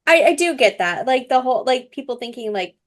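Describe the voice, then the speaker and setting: A woman's voice: sits high, animated, a little fast. A young woman co-hosting a casual book podcast, blunt and swearing freely. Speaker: podcast co-host.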